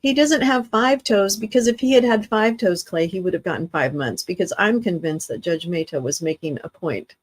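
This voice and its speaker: This livestream host sounds husky and animated, with a lowish voice, a moderate pace and hardly any pauses. Though tired, she chats with viewers in a meandering way, laughing and swearing a lot.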